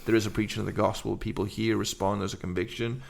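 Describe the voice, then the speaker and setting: Gravelly man telling his story fast. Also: on the low side, level tone. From England. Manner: earnest, rapid run-on storytelling. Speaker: guest, urban missionary. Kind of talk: candid personal testimony.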